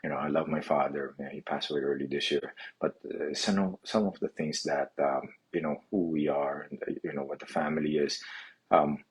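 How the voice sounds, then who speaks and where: A middle-aged man from the Philippines telling his life story, halting and restarting often. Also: a bass voice, steady tone, husky. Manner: halting, many restarts and "you know" fillers. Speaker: physical therapy clinic owner. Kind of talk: personal story monologue.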